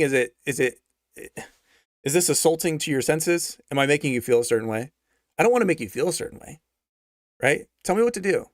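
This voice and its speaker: A man hosting a livestream, talking in a sarcastic, rambling way and reading out messages from his chat, with stretches of mock-anxious rapid-fire questions. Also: a little high, no room sound, clean studio sound. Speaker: livestream host.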